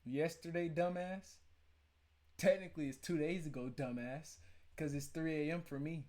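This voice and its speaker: Man, livestream host, joking, slangy, teasing chat, fairly high voice. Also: fairly even intonation, fast talker. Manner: loud, joking, mocking slang banter. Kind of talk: casual livestream chat with viewers.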